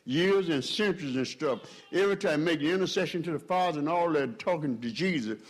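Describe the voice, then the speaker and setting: A man preaching a sermon as pastor, swelling in pitch and volume and calling out to his congregation. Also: lively intonation, a little fast.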